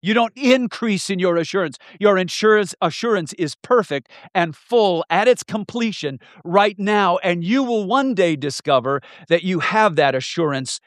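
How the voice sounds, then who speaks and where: Male preacher, slightly high voice, emphatic and repetitive, dry close recording. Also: animated, normal speed, hardly any pauses, no room sound. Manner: emphatic, repeating key phrases, swinging from loud to hushed. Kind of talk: sermon.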